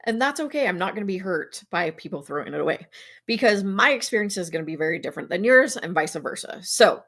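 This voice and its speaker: A woman's voice: medium pitch, lively intonation, fast, a bit bright. A woman hosting a mental health talk show alone, speaking in a casual, chatty way and laughing at herself. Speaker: podcast host.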